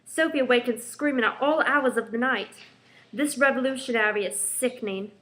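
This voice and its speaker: A fretful, pampered queen, played by a woman reading her diary in a school history role-play. The voice is somewhat high and she speaks anxiously. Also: normal speed, a bit bright, lightly acted, poor audio.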